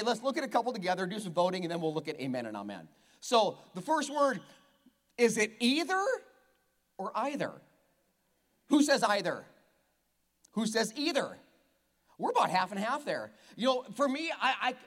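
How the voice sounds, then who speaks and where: A pastor in a church, preaching with a playful, teasing edge. His voice sits high for a man and jumps all over the place as he jokes with the congregation. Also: sing-song, fairly quick, a bit bright. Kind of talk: sermon. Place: church hall with a live congregation.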